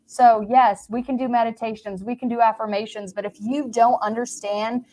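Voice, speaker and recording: A woman, a podcast guest, talking in an emphatic, energetic, motivational way. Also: a little high, normal speed, low-quality recording. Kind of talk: casual chat.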